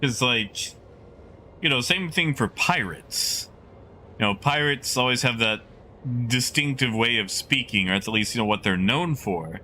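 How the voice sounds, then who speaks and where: Chatty male streamer with a lively, bright voice. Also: medium pitch, unhurried, a little hiss or hum. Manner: rambling, chatty, musing aloud to chat. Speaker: game streamer. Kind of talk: casual live-stream chat.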